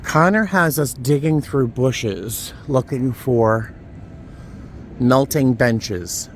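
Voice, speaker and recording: A man talks slowly and casually to a handheld camera while walking through a cold, windy churchyard. He keeps exclaiming about the cold and sounds tired, with a mid-pitched voice. Faint wind and traffic noise sit under him. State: shivering cold. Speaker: vlogger. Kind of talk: casual vlog narration.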